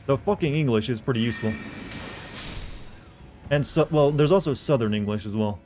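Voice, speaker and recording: A male game streamer from the American South, talking casually and swearing freely. He chats with his viewers in a relaxed, offhand way while he plays. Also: mid-range voice, normal speed, slight background noise. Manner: loose and profane, chatting with viewers while playing. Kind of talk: casual livestream commentary.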